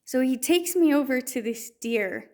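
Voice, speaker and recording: A woman's voice: high voice, expressive, unhurried, darkish tone. A woman telling a personal faith story in a storytelling way, with many restarts and fillers. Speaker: testimony speaker.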